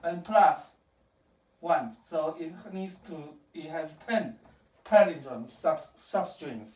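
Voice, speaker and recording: A woman's voice: low voice, expressive, slow, a little mellow. A woman teaching programming to a child at home, patient and questioning, checking often that she is understood. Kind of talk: casual home coding lesson. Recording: echoey room, far from the mic.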